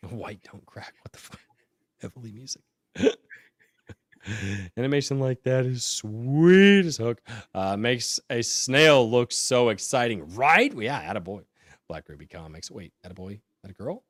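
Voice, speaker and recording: An American man hosting a casual live-stream podcast, joking and excitable, swinging from loud outbursts to mumbled asides. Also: medium pitch, unhurried, no echo, studio quality. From United States. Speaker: podcast host.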